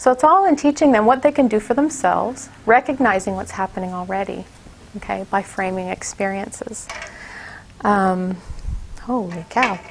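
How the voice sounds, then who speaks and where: A woman's voice: medium pitch, moderate pace, a little hiss or hum. A middle-aged woman giving a casual workshop talk to teachers, chatty, with many fillers and restarts. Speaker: teacher trainer.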